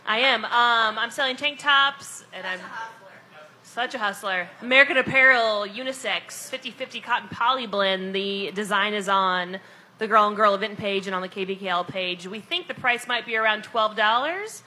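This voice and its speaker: Bright-voiced chatty woman in her thirties. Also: medium pitch, moderate pace. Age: 30s. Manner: chatty, tipsy and giggly. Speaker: podcast co-host and event organizer. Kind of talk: casual chat.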